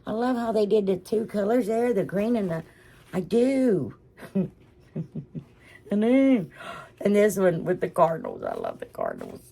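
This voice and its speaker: A woman's voice: medium pitch, expressive, slow pace, pauses often, dark tone, breathy edge. A woman hosting a crafting vlog, gushing and rambling, emotional and close to tears as she thanks her viewers. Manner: gushing, rambling, restarts often. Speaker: craft channel host. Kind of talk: casual crafting chat to viewers.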